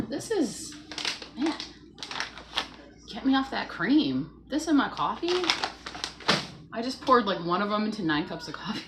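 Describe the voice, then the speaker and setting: A woman's voice: fairly high pitch, lively intonation, unhurried, pauses often, background noise. A woman hosting a casual morning livestream, chatty and playful, greeting viewers by name as she talks. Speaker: livestream host.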